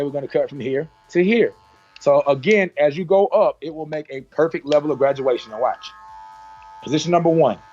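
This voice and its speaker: A man's voice: a little high, a little mellow, highs cut off. A man teaching a hands-on haircutting class, talking through each move with repeated cues and playful sound effects. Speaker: barber educator. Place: salon.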